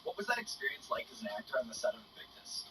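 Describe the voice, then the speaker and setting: A man's voice: mid-range voice, sing-song, racing, noisy background. A man hosting a casual interview, asking questions in a chatty way with filler words. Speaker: interview host. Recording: distant mic with music behind.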